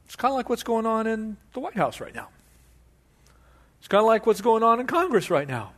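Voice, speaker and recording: Animated older man preaching. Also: high-pitched, fairly quick. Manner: animated, conversational, with frequent restarts. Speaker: pastor. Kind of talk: expository sermon.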